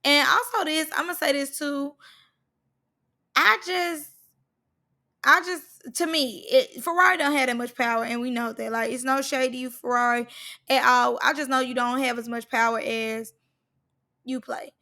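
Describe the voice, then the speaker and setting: A woman's voice: high-pitched, normal speed, sharp tone. A woman recapping a reality show in casual, slangy speech, stressing points by repeating words.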